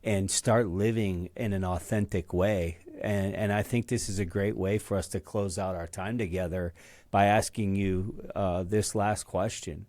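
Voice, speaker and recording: A man hosting a podcast, with a lowish voice. He sets up his question haltingly, restarting words as he goes. The sound is dry and close. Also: fairly even intonation, darkish tone, no room sound. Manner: hesitant, restarts words while asking. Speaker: podcast host. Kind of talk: interview questions.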